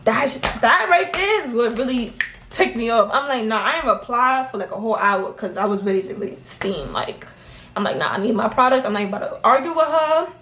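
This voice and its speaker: A woman telling a story in casual chat, animated and laughing as she acts out what others said. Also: a little high, brisk, a little hiss or hum. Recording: echoey room.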